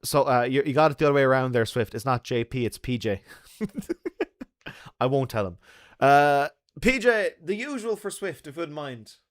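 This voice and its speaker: A man's voice: mid-range voice, animated, moderate pace, no echo. Irish man, casual chatty host, jokes and laughs, dry close sound. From Ireland. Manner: chatty, joking, laughs often. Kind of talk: casual live chat with viewers. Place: bar.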